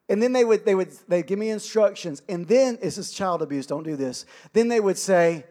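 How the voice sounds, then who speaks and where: A middle-aged man preaching a sermon, energetic, humorous and self-deprecating. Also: high voice, moderate pace. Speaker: pastor.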